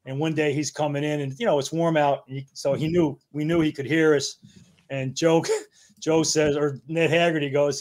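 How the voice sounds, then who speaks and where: A man's voice: fairly high pitch, steady tone, moderate pace, a little mellow. A man in his fifties, a guest on a podcast, telling rambling, laughing stories from his working years, with casual swearing. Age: 50s. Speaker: guest, battalion chief.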